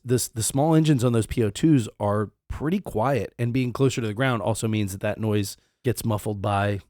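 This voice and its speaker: A man co-hosting a podcast, telling a history story in a casual, profane, animated way. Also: mid-range voice, dry recording, clean studio sound. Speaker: podcast co-host.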